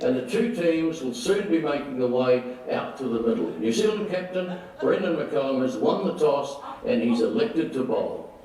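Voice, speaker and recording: A man's voice: medium pitch, lively intonation, mellow, far from the mic, close to an everyday voice. A man making formal public address announcements at a cricket ground. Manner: formal, measured. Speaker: stadium announcer. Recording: echoing stadium PA from afar, crowd behind.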